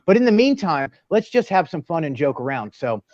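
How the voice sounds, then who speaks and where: Um homem que apresenta um bate-papo ao vivo entre fãs, em tom descontraído e cheio de piadas. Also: male voice, fairly high pitch, very animated, darkish tone, no echo. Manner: jokey, laughs often, fast talking. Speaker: host. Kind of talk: casual livestream panel chat. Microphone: video call. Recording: dull dry lo-fi sound.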